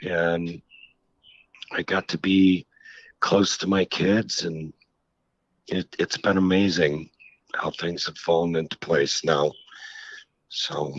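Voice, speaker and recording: A middle-aged man, an author, telling his story frankly in an interview, halting and reflective with many restarts. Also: low-pitched, level tone, no room sound. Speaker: author guest. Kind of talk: candid interview conversation. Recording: slightly dull lo-fi audio.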